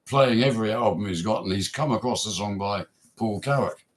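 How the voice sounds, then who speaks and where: An English man with a slightly low voice tells stories from his career in a relaxed interview. He chuckles often and retells old conversations in an easy, anecdotal way. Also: fairly quick. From England. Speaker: guest musician. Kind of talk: casual storytelling interview.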